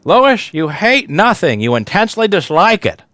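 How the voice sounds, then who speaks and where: A man's voice: high-pitched, very animated, moderate pace, a bit bright, dry recording, studio quality, pitched above the performer's own voice. Man doing an old southern boss. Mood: scolding. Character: elderly male boss with a southern drawl.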